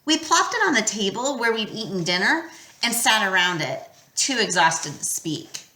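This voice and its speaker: A woman narrating a storybook aloud with a lively, expressive delivery. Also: mid-range voice, moderate pace. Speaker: audiobook reader. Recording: roomy echo.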